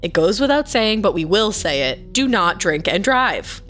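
A woman co-hosts a casual true-crime podcast, counting down odd crime stories with playful, teasing, quick reactions. Her mid-range voice is very animated and fairly bright, with soft background music.

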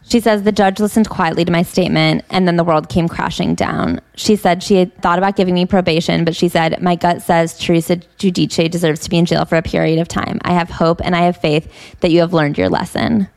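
A young woman co-hosts a podcast in a casual chat, reading passages aloud from a book in a flat tone and adding dry, mocking remarks. Her voice is low-ish, fairly quick, and creaky, with no echo.

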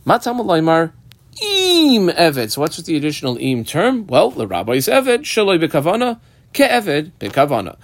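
A man's voice: fairly high pitch, big pitch swings, a little fast, no room sound. A man teaching a Talmud lesson, reading the text aloud with a rising lilt and then explaining it in plain English. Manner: reads Aramaic lines with a rising, sing-song lilt, then explains them.

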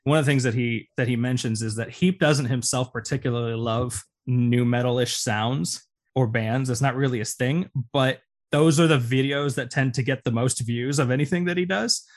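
A man's voice: mid-range voice, moderate pace. A man co-hosting a music podcast in casual chat, enthusiastic and rambling, with many fillers. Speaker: podcast co-host.

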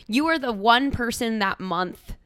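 A woman co-hosting a casual podcast chat, bubbly and quick to laugh, with self-deprecating asides. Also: fairly high pitch, expressive, fairly bright tone, clear, resonant tone, dry recording, clean studio sound. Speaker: podcast co-host.

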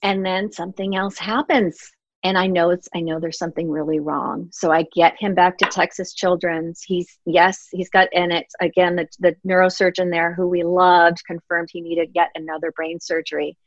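A woman's voice: fairly low pitch, little pitch movement, moderate pace, dry recording. A middle-aged woman speaks as an author guest in a reflective interview. She is earnest and heartfelt, and she often acts out the words she said at earlier times. The recording is dry and a little dull, with no room sound. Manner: earnest and heartfelt, reenacts her own past words.

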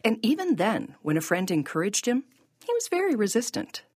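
A woman narrating a podcast in a scripted, measured and reflective style. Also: mid-range voice, big pitch swings, a little mellow, slightly rough, no room sound, studio quality.

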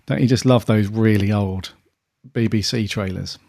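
A man's voice: on the low side, steady tone, normal speed, vocal fry, mellow. A man in his late thirties hosting a podcast, chatting in a casual, meandering way with many fillers. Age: late 30s. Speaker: podcast host.

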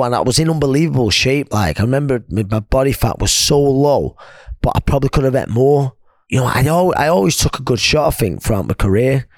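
A man's voice: darkish tone, no echo, clean studio sound. A man, a retired boxer as a guest, telling stories in a chatty way and putting on the voices of the people he quotes. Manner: chatty storyteller, acts out quoted friends in a higher laughing voice. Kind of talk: casual podcast interview.

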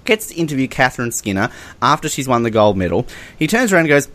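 Animated man, lively pitch. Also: fast talker. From Australia. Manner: animated and giggly, often breaks into laughter. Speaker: podcast co-host. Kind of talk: casual comedic podcast chat.

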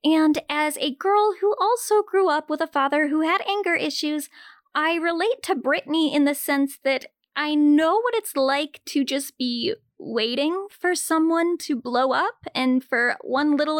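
A woman's voice: high-pitched, measured pace, no room sound, clean studio sound. A young woman giving casual commentary on a film, blunt and sarcastic, with casual swearing.

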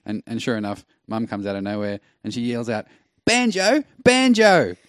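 A man's voice: fairly low pitch, flat delivery, quick pace, a little mellow, no echo. A man, co-hosting a casual comedy chat with dry, wry remarks. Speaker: podcast co-host.

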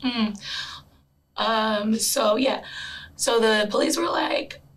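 A woman's voice: a little high, takes it slowly, a little hiss or hum, low-quality recording. A woman in her thirties co-hosts a podcast and talks through a true crime case. She is chatty and casual and drifts into asides as she goes. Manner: chatty storytelling with laughs and asides. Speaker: podcast co-host telling a true crime story. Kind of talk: casual chat.

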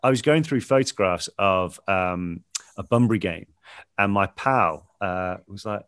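Low-voiced male interviewer, loose questions. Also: measured pace, fairly bright tone, clean tone, no room sound, clean studio sound. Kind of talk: casual interview chat.

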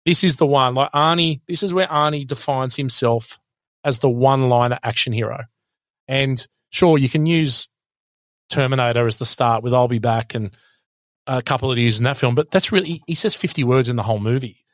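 A man hosting a casual film review podcast, talking enthusiastically with quick asides. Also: medium pitch, dry recording, studio quality. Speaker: podcast host.

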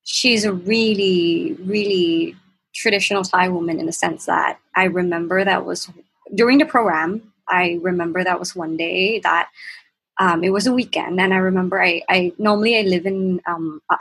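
Husky young woman telling a personal story. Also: lowish voice, fairly even intonation, fairly bright tone, low-quality recording. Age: young adult. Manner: halting, with restarts and fillers, reenacting quotes. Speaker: podcast guest.

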